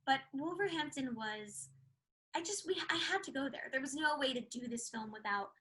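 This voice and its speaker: Bubbly young American woman, bright voice. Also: high-pitched, lively intonation, low-quality recording. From United States. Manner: bubbly, fast-rambling storyteller with frequent laughs and filler likes. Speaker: actress, interview guest. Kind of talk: casual interview chat.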